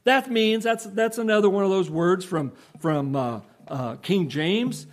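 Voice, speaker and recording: A man preaching a sermon, explaining scripture earnestly and emphatically, with rhetorical questions to his listeners. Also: high voice. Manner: reads scripture slowly in old-fashioned English.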